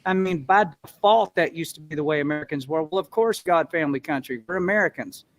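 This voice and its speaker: A man's voice: fairly high pitch, fast. Earnest, folksy male interview guest. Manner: earnest, folksy storytelling, acts out everyday voices. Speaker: guest, musician and business owner. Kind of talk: interview answers.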